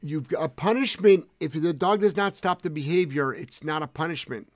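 A man's voice: on the high side, moderate pace, dry recording. Blunt, profane middle-aged man. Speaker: dog trainer and co-host. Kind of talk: live-stream Q&A chat.

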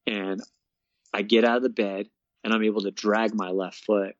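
A young man, a guest, casually telling his story in an interview, animated and laughing often, peppering his talk with "man" and "bro.". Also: lowish voice, moderate pace, dry recording. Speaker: guest, fitness coach and speaker. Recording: dull, dry lo-fi sound.

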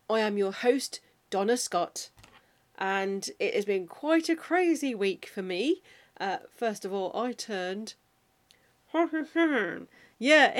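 A woman chatting away as the host of her own podcast, poking fun at herself. She talks in an animated, loose way and often slips into quick impressions of film lines. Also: a little high. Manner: self-deprecating, animated, quotes films in put-on voices. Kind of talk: casual chatty monologue.

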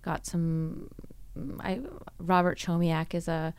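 A woman with a lowish, smooth, resonant voice recounts her experiences in a relaxed interview. She tells her story with energy and slips into quoted dialogue as she goes. The sound is close and dry, with no room around it. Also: slow pace, no echo. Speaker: podcast guest, actress and screenwriter. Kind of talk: casual interview conversation.

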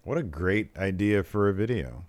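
A man's voice: low-pitched, expressive, moderate pace, a little mellow, no echo. A man co-hosting a casual wrestling chat show, laid-back, laughing easily and reading out fan questions. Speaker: podcast co-host.

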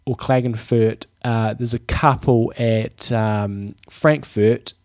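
A man, co-hosting a podcast, explaining stats and diets in a measured, casual way. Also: medium pitch, steady tone, darkish tone, dry recording, clean studio sound. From New Zealand. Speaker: podcast co-host. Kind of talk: casual chat.

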